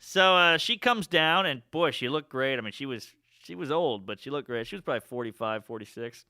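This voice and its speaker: A man's voice: medium pitch, brisk, dry recording, studio quality. A man telling a funny story in casual chat, acting out the people he quotes. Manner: animated, acts out quoted lines. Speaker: storyteller guest.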